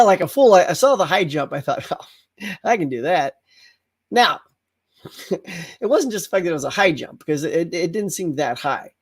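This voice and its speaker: A middle-aged man hosting a casual livestream chat, telling stories with lots of laughter and acted-out yells. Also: sits high. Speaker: host.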